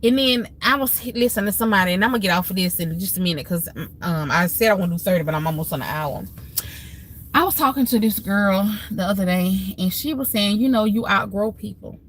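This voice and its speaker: A woman's voice: medium pitch, lively intonation, fast talker, fairly bright tone. A woman talks straight to her livestream viewers in a mid-range voice, earnest and a little preachy as she tells her stories. Her delivery is heartfelt and loose, full of asides to the audience. A faint hum of the room sits behind her. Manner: heartfelt, preachy storytelling with Southern Black church phrasing. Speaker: live stream host. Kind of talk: casual live stream talk to viewers.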